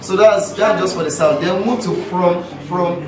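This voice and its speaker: A man with a Nigerian accent teaching pronunciation to a class, drilling sounds by repeating words loudly. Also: sits high, moderate pace. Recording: echoey room from far off with music.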